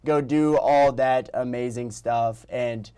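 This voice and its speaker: A man's voice: mid-range voice, fairly even intonation, slow pace, dark tone, clean tone. A man hosting a local news show in a chatty, upbeat, folksy way.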